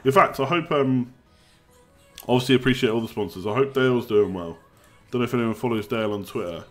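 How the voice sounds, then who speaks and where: A man's voice: medium pitch, a little fast, soft background music. A young man hosting a live stream, chatting casually, joking and reading out the chat. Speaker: livestream host.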